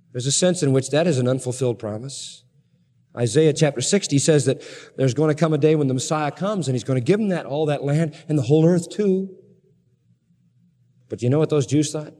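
A man preaching a sermon to a congregation, emphatic and building to excited peaks. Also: fairly high pitch, long reverb tail. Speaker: pastor.

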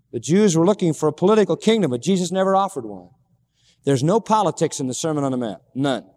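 A man's voice: on the high side, darkish tone, in a large hall. A man preaching a sermon emphatically, repeating key phrases and asking rhetorical questions.

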